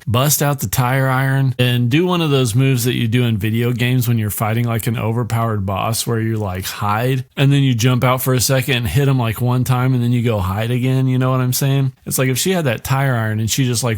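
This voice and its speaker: A man recaps a novel on his podcast in a rambling, cursing, joking way. His voice sits at an ordinary middle pitch. The sound is dry and close, with no room to it. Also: a little mellow, no room sound. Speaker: podcast host. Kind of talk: casual book discussion.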